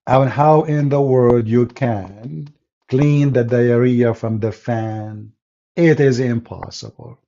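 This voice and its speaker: A man's voice: medium pitch, slow pace, creaky, dark tone, highs cut off, a little hiss or hum. A man speaking non-native English with broken grammar, delivering mocking, emphatic religious polemic and often laughing scornfully. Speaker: religious debater.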